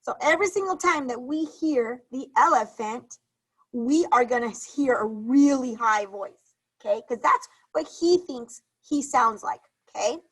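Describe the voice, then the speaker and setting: A woman's voice: sits high, expressive, measured pace, a bit bright, husky, low-quality recording. A woman teacher on a video call, leading a reading lesson for young children, encouraging and repeating questions to the class.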